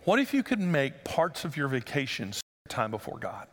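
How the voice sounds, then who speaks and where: A man preaching a sermon as pastor, conversational and joking, then rising to loud emphatic passages. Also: medium pitch, wildly swooping pitch, normal speed, big-room sound.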